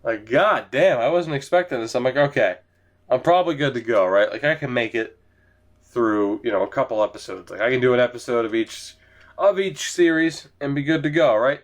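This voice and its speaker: A man's voice: medium pitch, brisk. A man giving casual let's-play commentary on a hockey game, sleepy and yawning, rambling and swearing casually from his chair at home. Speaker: gaming commentator. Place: home gaming setup, in a chair.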